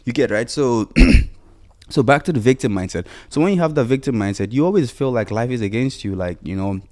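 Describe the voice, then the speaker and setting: A man's voice: mid-range voice, animated, brisk, darkish tone. A man talking casually and insistently in a solo motivational podcast, repeating himself and filling with "you know". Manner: urging, insistent repetition. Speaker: podcast host.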